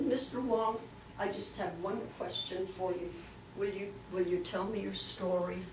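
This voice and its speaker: An older woman giving a lively storytelling talk to a club, acting out the voices she quotes. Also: a little high, a little hiss or hum. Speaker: guest speaker. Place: club meeting room. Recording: echoey room, mic from far off.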